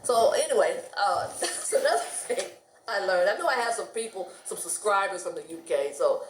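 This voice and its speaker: A woman's voice: medium pitch, moderate pace, echoey room, a little hiss or hum. A middle-aged woman from the United States telling stories casually to camera, chatty and laughing often. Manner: chatty, laughs often, animated quoted voices. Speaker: vlogger.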